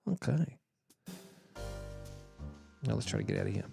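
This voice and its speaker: A man's voice: huge pitch swings, a little slow, creaky, dark tone. Man reading game text over music. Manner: casual, reads dialogue in a low easy voice with offhand asides. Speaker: streamer playing a visual novel. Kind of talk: let's play, reading game text aloud. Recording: music playing underneath.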